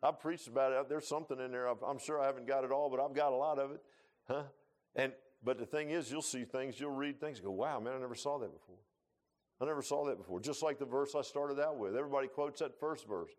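A middle-aged man preaching a sermon as pastor, folksy, swinging from loud rising bursts to low quiet asides. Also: steady tone, quick pace.

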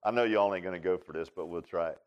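A man's voice: low voice, fast, dull audio. A man preaching a folksy sermon, joking with his congregation and calling on people by name. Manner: folksy, animated, laughing, talks to congregation by name. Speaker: pastor. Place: church sanctuary.

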